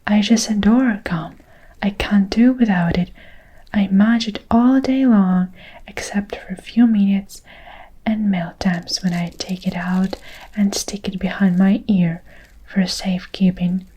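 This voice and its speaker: A woman's voice: medium pitch, steady tone, a little slow, warm tone, husky, rough recording. A woman whispering the lines of a boastful, gum-chewing young girl in whispered role-play. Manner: bragging, chatty.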